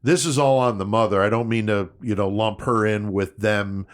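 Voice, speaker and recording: A man's voice: fairly low pitch, fairly even intonation, moderate pace. A man co-hosting a podcast, talking casually and with a lot of swearing as he walks through the details of a case. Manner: laid-back, profane, recounting case details. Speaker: podcast co-host. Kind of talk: casual true-crime chat.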